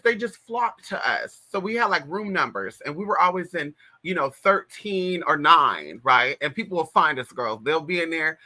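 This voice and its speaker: A Californian trans woman in her thirties, speaking in a low, pushed and bright voice, tells her livestream viewers a gossipy story. She talks to them directly over a plug-in mic, filling it with "girl" and "y'all."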